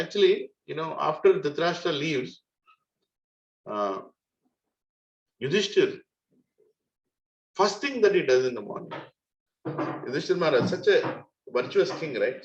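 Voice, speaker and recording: A man with an Indian English accent teaching a devotional scripture class over a group call, telling the story in an animated way with chuckling asides. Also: on the high side, roomy sound, muffled recording. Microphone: video call.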